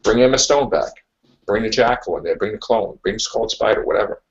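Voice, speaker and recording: A man's voice: fairly low pitch, a little fast, lo-fi sound. A man hosting a casual podcast chat, ranting emphatically and repeating his points. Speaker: podcast host.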